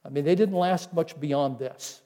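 High-voiced pastor preaching in a hall. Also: male voice. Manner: teaching, with scripture quoted in a slower, softer voice. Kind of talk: sermon.

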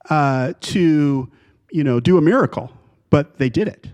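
A man, the pastor, earnestly introducing a guest preacher, with many filler pauses. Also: fairly high pitch, expressive, darkish tone. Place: church.

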